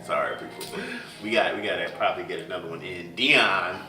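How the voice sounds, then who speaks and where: A man co-hosting a casual podcast, telling stories in an animated way and laughing often. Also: low voice, brisk, slight background noise. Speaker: podcast co-host. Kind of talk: casual chat. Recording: echoey room, distant mic.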